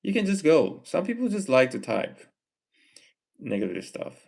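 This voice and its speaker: A man with a Malaysian English accent, reading chat messages aloud on his livestream and answering them in a gently lecturing way. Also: a little high, big pitch swings, normal speed, gravelly. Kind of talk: casual live chat Q&A.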